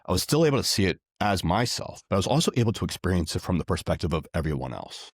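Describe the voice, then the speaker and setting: Male guest, very low voice, earnest, filler-heavy, dry close mic. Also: sing-song, fast, slightly rough, dry recording. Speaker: podcast guest. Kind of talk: casual conversation.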